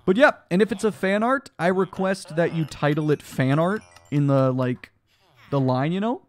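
A man's voice: a little high, expressive, moderate pace, darkish tone. Chatty young man streaming a game. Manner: chatty, reads chat aloud and answers it. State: sleep deprived, yawning. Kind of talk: casual live-stream chat while gaming.

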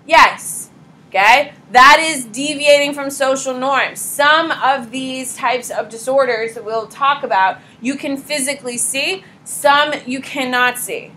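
A pregnant woman teaching a high school psychology class in a casual, blunt lecture style, talking straight to her students. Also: unhurried, sharp tone, slight background noise, poor audio.

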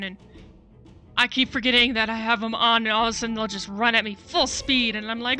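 A woman's voice: a little high, fairly even intonation, brisk, bright, forceful tone, soft background music. A young woman giving let's-play commentary, frustrated, cursing and talking to the game as she plays. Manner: frustrated, swears often, talks to the game. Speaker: gaming video creator.

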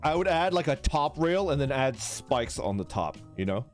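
During a casual morning stream, a man with a medium-pitched, sing-song voice talks at a moderate pace over soft background music. He tells a story, laughs often, greets viewers, and reads their chat names aloud.

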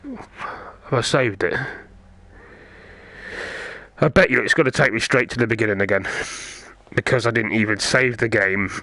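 A man's voice: mid-range voice, normal speed, long pauses, bright, forceful tone, dry recording. A man playing a video game, ranting and swearing constantly in frustration. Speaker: gamer. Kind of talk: frustrated gaming commentary.

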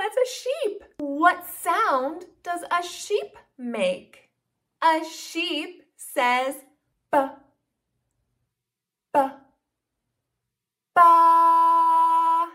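A woman hosting a toddler learning video, speaking slowly and sounding out words in an exaggerated teaching manner. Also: extremely high pitch, fairly bright tone. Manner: slow, exaggerated, sing-song teaching to toddlers. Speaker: children's educational video host. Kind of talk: toddler speech lesson.

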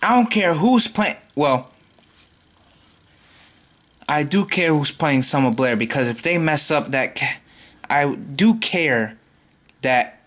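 A man's voice: fairly high pitch, lively intonation, slow pace, long pauses, fairly bright tone. A man ranting in a vlog, exasperated and repeating himself as he vows to boycott a movie. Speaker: YouTuber.

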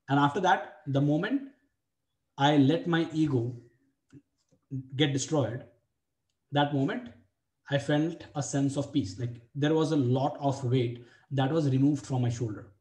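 Young male coach, mellow voice, blunt and profane, repeats himself, roomy echo. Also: mid-range voice, unhurried, pauses often. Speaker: dating coach. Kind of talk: personal story for a webinar. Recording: echoey room.

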